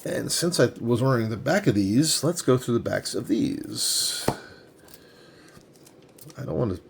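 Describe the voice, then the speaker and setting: A man's voice: medium pitch, lively intonation, unhurried, vocal fry, background noise. A man in his forties casually unboxing comics, thinking aloud with enthusiasm as he handles each one. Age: 40s. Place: home room with a tripod-mounted camera.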